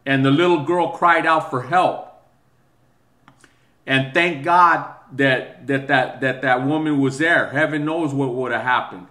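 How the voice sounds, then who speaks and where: An agitated man delivers a heated commentary, tripping over his words and repeating himself. His voice is bright and pitched a little high. The room around him echoes noticeably. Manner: agitated, repetitive, stammering restarts. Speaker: video commentator. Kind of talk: angry opinion rant.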